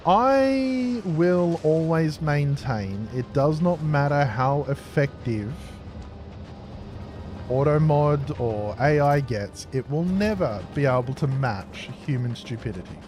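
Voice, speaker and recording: A man's voice: on the high side, sing-song, slow pace, over music. A man streaming a factory-building game, chatting and joking casually with his viewers. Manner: jokey, chatty, responds to chat aloud. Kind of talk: casual live-stream chat.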